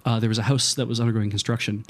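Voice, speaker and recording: A man's voice: medium pitch, flat delivery, rapid-fire. A man casually telling a childhood story on a podcast, acting out the voices of people in it and laughing often. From Canada.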